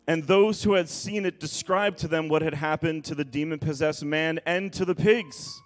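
A man's voice: on the high side, moderate pace, few pauses, faint music behind. A male pastor preaching a sermon, reading scripture aloud dramatically and breaking off into asides to the congregation.

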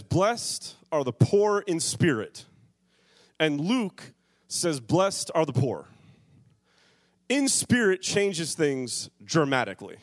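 A male pastor delivering a sermon, his voice sitting a little higher than most men's. He calls on the congregation to answer back and leans into the scripture readings with slow, weighty emphasis. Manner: preaching with call-and-response to the congregation; reads scripture slowly and emphatically.

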